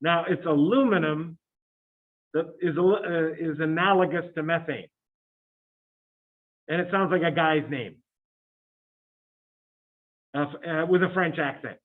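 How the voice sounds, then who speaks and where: A man with a voice on the high side lectures chemistry students in a chatty manner, tossing in joking asides. He speaks at a measured pace with long pauses, and the recorded lecture sounds tinny, like phone audio.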